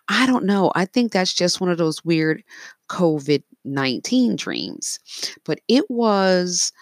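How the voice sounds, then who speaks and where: A woman's voice: lowish voice, big pitch swings, takes it slowly, no echo. A woman casually narrating her dreams, rambling with fillers and restarts. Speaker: storyteller.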